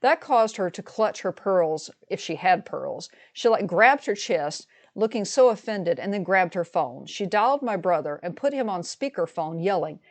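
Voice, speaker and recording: A middle-aged woman calmly recounting a personal story in a measured, matter-of-fact way. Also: fairly low pitch. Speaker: vlogger telling a personal story. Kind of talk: storytelling monologue.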